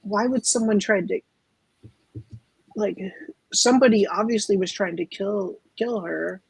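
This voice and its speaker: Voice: mid-range voice, unhurried, vocal fry, a little mellow, slightly rough, dry recording, low-quality recording. A tabletop game player thinking aloud earnestly about what to do next.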